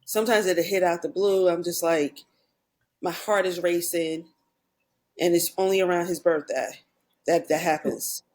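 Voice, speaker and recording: A woman's voice: lowish voice, steady tone, measured pace, darkish tone. Earnest woman guest in candid talk. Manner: earnest, retells talks with others in quoted dialogue. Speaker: podcast guest. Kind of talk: candid conversation.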